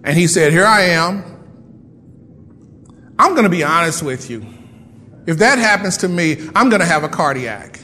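High-voiced pastor preaching in a reverberant hall. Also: male voice, brisk, slight background noise. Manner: animated preaching with playful asides. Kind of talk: sermon. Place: church sanctuary.

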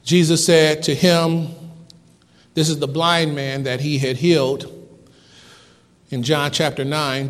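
A man preaching a fervent sermon as pastor, with dramatic pauses and big swings between loud and soft. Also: on the high side, steady tone. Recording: long hall reverb.

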